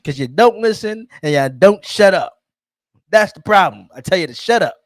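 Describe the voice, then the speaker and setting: A man's voice: high voice, lively intonation, moderate pace, no room sound. A man co-hosting a sports podcast, mocking rival fans and laughing through his lines in casual banter. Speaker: podcast co-host.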